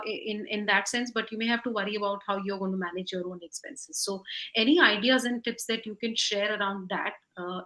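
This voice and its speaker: A woman with an Indian English accent moderates a webinar panel at a mid pitch. She rambles through long questions, full of fillers and restarts. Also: pushed and bright, low-quality recording.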